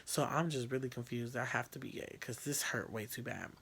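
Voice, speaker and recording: A man's voice: mid-range voice, a little fast, gravelly, a bit bright, breathy edge. A young man telling a personal story to camera, candid and profane, rambling with fillers and restarts. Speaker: vlogger. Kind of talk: casual storytelling.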